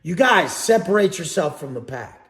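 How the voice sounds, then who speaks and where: A man's voice: fairly high pitch, sing-song, moderate pace, fairly bright tone, reverberant. A man giving a blunt, profane motivational talk as a coach, preaching to his audience.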